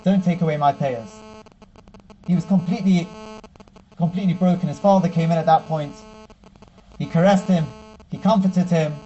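High-voiced man telling a sermon story. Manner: animated storyteller who acts out quotes. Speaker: rabbi giving a Torah class. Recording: dull with faint mains hum.

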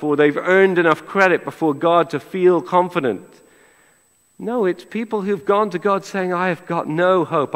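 A man's voice: high-pitched, a bit bright, in a large hall. A middle-aged man preaching a sermon in a conversational way, with rhetorical questions and a playful, sarcastic humor. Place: church.

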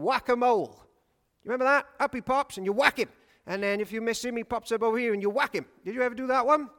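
A man preaching a sermon, lively and humorous, often putting questions to his congregation. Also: very high voice, in a large hall. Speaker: pastor. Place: church.

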